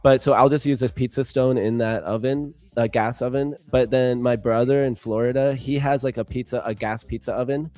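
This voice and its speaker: A man's voice: mid-range voice, steady tone, brisk, few pauses, dark tone, dry recording. A man chatting in an easygoing, friendly way on a livestream, joining remotely over a video call. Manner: easygoing, friendly, says "dude" a lot. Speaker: co-host on a livestream. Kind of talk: casual chat on a livestream. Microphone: video call, remote setup.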